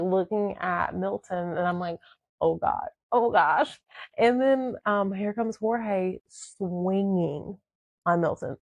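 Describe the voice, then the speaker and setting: A woman's voice: on the low side, creaky, darkish tone, dry recording. A young woman casually telling her own life story, candid and rambling, with many fillers. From southern United States.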